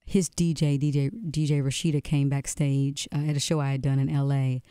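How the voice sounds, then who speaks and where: Mellow, smooth-voiced woman musician guest. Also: very deep voice, flat delivery, fairly quick, dry recording, clean studio sound. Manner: reflective, restarts phrases often. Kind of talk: radio interview, storytelling. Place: radio studio.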